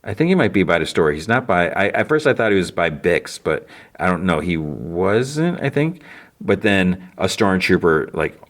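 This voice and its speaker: A man's voice: low-pitched, big pitch swings, moderate pace. A man hosting a podcast, casually recapping a TV episode in a rambling way, full of fillers and self-corrections. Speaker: podcast host.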